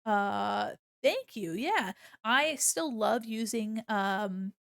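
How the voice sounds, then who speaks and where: A woman's voice: medium pitch, lively intonation, very slow, gravelly, no room sound. Playful woman streamer, dry close mic. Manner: playful, jokingly aggressive yelling at chat. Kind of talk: casual live-stream chat.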